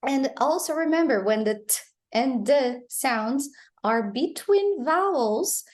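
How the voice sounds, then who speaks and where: A woman English teacher explaining pronunciation, repeating model phrases slowly and clearly. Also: fairly high pitch, a little mellow. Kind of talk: pronunciation lesson.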